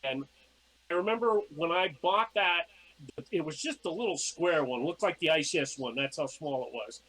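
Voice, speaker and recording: A man's voice: on the high side, moderate pace, a bit bright, rough recording. A middle-aged man, a podcast guest, telling casual stories and acting out his own past lines. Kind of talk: casual storytelling.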